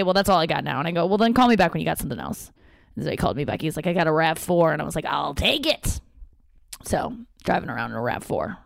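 A woman with a fairly low voice and vocal fry hosts a podcast from her father's home office, and the sound is dry and studio-clean. Hailing from the St. Louis area, she tells stories casually, swearing, poking fun at herself, and quoting people.

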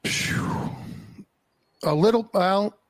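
A man's voice: sits high, very slow, dry recording. A man from Colorado, a guest on a casual podcast, talking in a frank, laid-back way.

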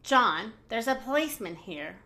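A woman reading aloud and voicing a brisk, matter-of-fact farmer's wife who calls out. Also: a little high, very animated, bright, forceful tone.

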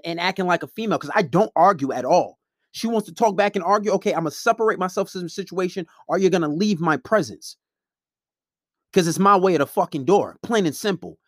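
A man's voice: on the high side, dry recording, clean studio sound. A man giving blunt, profane relationship advice in a casual, lecturing monologue.

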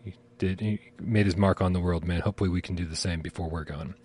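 A man's voice: low voice, steady tone, quick pace, darkish tone, husky, no room sound. A man co-hosting a live gaming stream, rambling and swearing casually, often laughing. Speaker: podcast co-host. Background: sirens outside.

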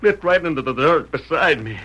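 An actor playing a frightened, rambling frontier prospector with a rural drawl, in 1940s radio acting. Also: male voice, a little high, lively intonation, a little fast, sharp tone. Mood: scared.

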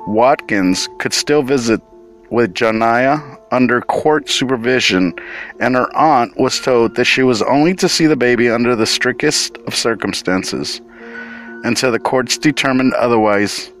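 A man narrating a true-crime podcast in a measured, matter-of-fact voice of middle pitch. Soft music plays faintly underneath. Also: rough recording.

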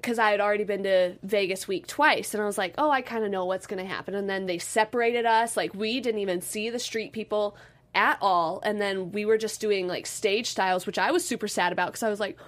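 A woman's voice: medium pitch, a little fast. A young woman dancer, a guest in an interview, telling stories with bubbly energy and acting out quotes. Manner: bubbly, animated storytelling with acted-out quotes. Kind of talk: casual interview.

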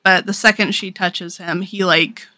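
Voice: mid-range voice, steady tone, measured pace, sharp tone, no room sound. A young adult podcast co-host casually recapping a story, talking in a chatty, filler-heavy way with frequent laughs.

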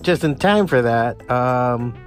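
A man's voice: medium pitch, animated, slow pace, faint music behind. A man hosting a solo podcast, talking casually in a rambling, profane way full of restarts. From part Cuban family. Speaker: podcast host.

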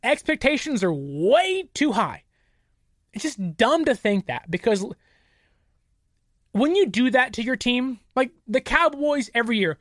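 A woman hosts a casual sports podcast. She sounds animated and opinionated and jokes between her points. Her voice sits a bit high, and the recording is dry and close. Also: dry recording. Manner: animated, opinionated, quick to joke. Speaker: podcast host.

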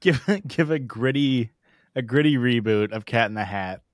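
In clean studio audio with no room sound, a man co-hosting a podcast jokes around, riffs and laughs a lot during casual banter. His voice is medium-pitched and he talks at a normal speed.

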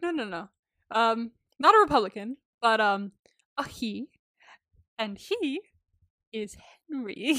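A woman co-hosts a podcast, recapping things in a casual, animated chat where she swears freely, laughs often and acts out quotes. Her voice is on the high side and a bit bright, expressive and slow with long pauses. The recording is studio quality with no room sound.

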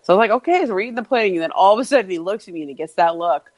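A woman's voice: on the low side, lively intonation, racing, dry recording. A woman co-hosting a radio show, telling a family story in a chatty way with lots of "like". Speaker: radio co-host. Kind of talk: casual radio chat.

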